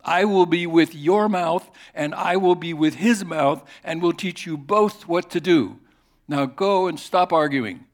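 A man doing a stern, booming divine voice. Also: unhurried, close to an everyday voice. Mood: exasperated. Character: commanding divine voice, stern and insistent.

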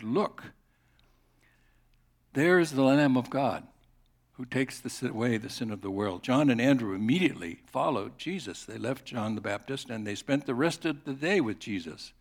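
A pastor giving a sermon in a conversational, storytelling manner. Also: male voice, medium pitch.

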